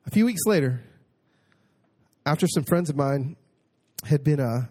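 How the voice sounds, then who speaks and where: A man preaching a personal testimony, moving between hushed storytelling and excited exclamation and reading scripture slowly and emphatically. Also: on the high side, breathy edge. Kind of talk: sermon testimony.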